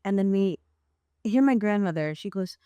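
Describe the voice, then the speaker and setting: Animated woman telling a family story. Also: medium pitch, normal speed, smooth, no echo. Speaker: podcast guest, playwright and performer. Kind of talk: casual storytelling in a podcast interview.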